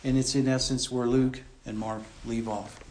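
A man delivering a teaching sermon from the pulpit, in a voice of ordinary middle pitch. He talks in an easy, conversational way, walking listeners through the text and circling back to restate each point. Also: level tone, normal speed, darkish tone, a little hiss or hum. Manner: conversational, explains and repeats points. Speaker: pastor. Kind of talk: expository sermon.

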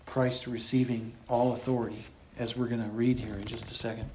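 A man's voice: mid-range voice, little pitch movement, a little fast, fairly bright tone, a little hiss or hum. A man preaching a conversational expository sermon in a church, explaining and repeating his points as he goes. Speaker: pastor.

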